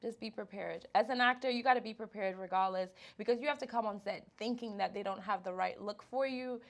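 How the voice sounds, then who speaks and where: A woman's voice: medium pitch, quick pace. A woman from Nigeria, a guest actress and business owner, chatting casually in an interview and acting out the people in her stories. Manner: animated storyteller, acts out quotes.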